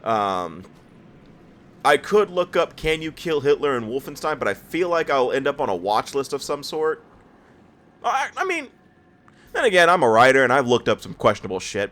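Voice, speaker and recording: A man's voice: mid-range voice, wildly swooping pitch, normal speed, fairly bright tone. A tired man just out of bed, rambling and stammering through casual gameplay commentary as a let's play host. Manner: rambling, self-deprecating, stammers and laughs.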